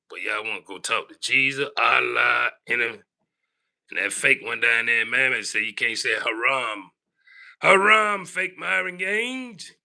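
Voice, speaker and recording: A man ranting on his live stream in a very bright, sharp-edged voice. He preaches and scolds, dropping from low grumbles to raised calls. He keeps tacking "boy" onto his lines. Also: gravelly. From Southern United States. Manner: big swings between low grumbling and raised shouting. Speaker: livestream host.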